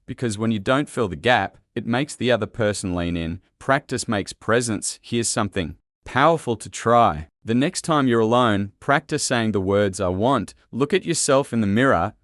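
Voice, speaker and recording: Calm low-voiced male narrator. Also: no echo, studio quality. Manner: calm, measured, instructive. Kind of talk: scripted self-help narration.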